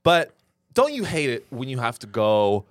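Man, podcast co-host, lively swooping pitch, dry close sound, jokey riffing. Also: normal speed, dry recording. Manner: riffing, joking, mock infomercial bits. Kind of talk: casual comedic banter.

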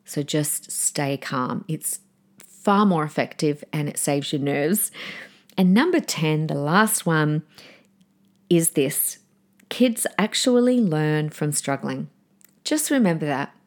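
A woman's voice: sits low, takes it slowly. Earnest woman giving parenting advice. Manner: warm, earnest, gives numbered tips and acts out calm firm lines to children. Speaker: parenting podcast host. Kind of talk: solo podcast advice talk.

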